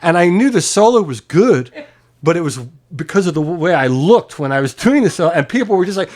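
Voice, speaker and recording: Animated man telling a swearing-laced story. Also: fairly high pitch, fairly quick. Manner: animated, swears freely, acts out quoted voices. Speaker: guest musician. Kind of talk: casual storytelling. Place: private home.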